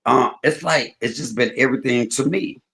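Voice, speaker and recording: A man hosting a livestream, telling stories in casual chat, swinging between loud and soft. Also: medium pitch, normal speed, vocal fry. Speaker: livestream host.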